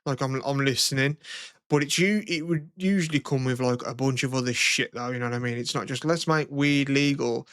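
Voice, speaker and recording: A man's voice: mid-range voice, fairly quick, smooth, no room sound, studio quality. A young man, co-hosting a podcast in casual chat, rambling and swearing freely as he tells stories. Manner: rambling, swears a lot, animated retelling. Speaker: podcast co-host.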